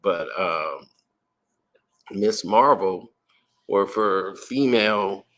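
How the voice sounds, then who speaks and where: A man giving casual, rambling commentary as a movie trailer reviewer, speculating out loud with plenty of fillers. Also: deep voice, measured pace.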